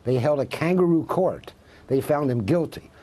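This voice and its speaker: A man's voice: fairly high pitch, lively intonation, normal speed, warm tone. A man, a professor and guest on a cable news interview, making emphatic points through rhetorical questions.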